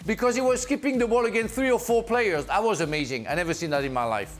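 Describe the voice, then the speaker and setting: A man with a French accent, a former defender chatting on a panel, halting and restarting as he talks. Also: high voice. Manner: halting, restarts often, laughs. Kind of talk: casual panel chat.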